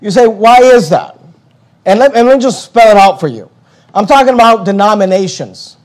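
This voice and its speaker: High-pitched guy preaching hard, fast little asides to the church. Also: lively intonation, darkish tone. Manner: fervent preaching, quick asides to the congregation. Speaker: pastor. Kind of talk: sermon.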